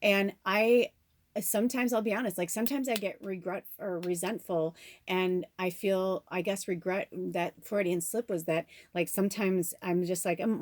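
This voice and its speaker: A woman's voice: medium pitch, fairly even intonation, moderate pace, a little mellow, no echo. Candid, swearing woman tarot reader. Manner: candid and emotional, swears freely. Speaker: tarot reader and channel host. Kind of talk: casual spiritual vlog monologue.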